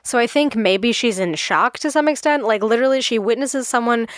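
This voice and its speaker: A woman's voice: a little high, dry recording. Chatty young woman, dry close mic. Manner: chatty, lots of "like" fillers, quick bursts. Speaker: podcast co-host. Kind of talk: casual chat.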